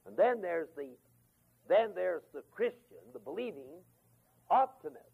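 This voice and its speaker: Older man, folksy Bible teacher, husky, tinny warbly tape. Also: sits high, big pitch swings, a little slow. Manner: folksy storytelling, acts out quotes. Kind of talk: Bible lesson to a men's class.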